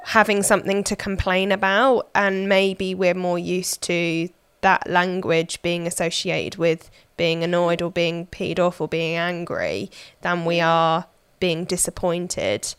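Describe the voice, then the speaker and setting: Chatty woman with smooth voice. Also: on the low side, steady tone, a little slow, a bit bright, dry recording. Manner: chatty, thinks aloud with many fillers. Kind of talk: casual podcast chat.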